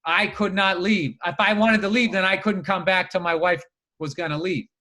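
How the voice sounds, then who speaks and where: A man co-hosts a casual podcast, his voice pitched high and bright. He tells stories with animated energy, swears freely and slips into the voices of the people in them. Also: normal speed. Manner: animated storyteller, swears a lot, acts out voices. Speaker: podcast co-host. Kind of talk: casual chat.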